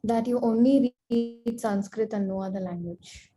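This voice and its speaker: A woman's voice: a little high, a little slow, warm tone, soft background music. A woman student answering her teacher's questions in class, hesitant and careful.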